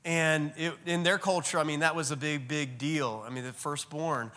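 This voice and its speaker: Male pastor, slightly high and bright tone, casual preaching style, long hall reverb. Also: steady tone, moderate pace. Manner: casual, joking with the congregation. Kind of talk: sermon.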